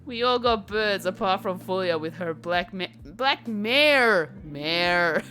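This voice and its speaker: A woman streamer with a bright, clear tone and a lively, swooping pitch. She talks at an unhurried pace, chatting with her viewers while she paints and breaking into giggles as she reads chat aloud. Soft guitar music plays faintly behind her.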